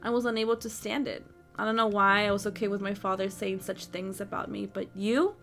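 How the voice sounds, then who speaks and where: A woman reading aloud the lines of a rude, sharp-tongued young rich man in a visual novel, in a dry, wry way. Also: mid-range voice, steady tone, a little fast, soft background music, voice pushed down, close to an everyday voice. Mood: sulky.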